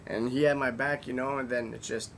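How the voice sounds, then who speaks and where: A man hosting a podcast, his mid-pitched voice carrying a gravelly fry as he tells blunt, profane stories. A faint rumble and some noise sit under the recording. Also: fairly quick. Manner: blunt, profane, animated storytelling. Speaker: podcast host. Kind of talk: casual podcast chat.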